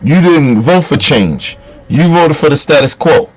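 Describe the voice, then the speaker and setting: A man's voice: fairly high pitch, animated, a little slow, slightly rough. A man delivering a heated, profane political rant as a commentator, scolding his listeners.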